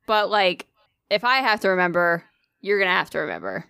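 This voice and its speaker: A woman's voice: fairly low pitch, big pitch swings, fairly quick, vocal fry, bright, forceful tone, clear, resonant tone, dry recording. Woman, podcast co-host, teasing, incredulous, dry close sound. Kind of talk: casual chat.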